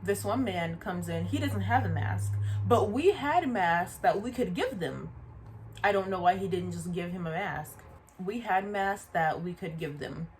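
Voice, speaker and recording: A woman vlogger telling a story in a casual, animated way, often stopping to remind the viewer of details. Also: fairly low pitch, a little slow, slight background noise. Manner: animated, chatty, repeats asides to the viewer.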